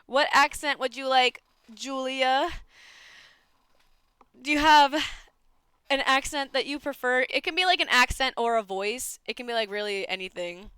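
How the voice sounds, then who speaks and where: A woman's voice: high-pitched, a little slow, sharp tone, clean tone, dry recording. A young woman streaming live, chatting casually and giggling often while she plays a game.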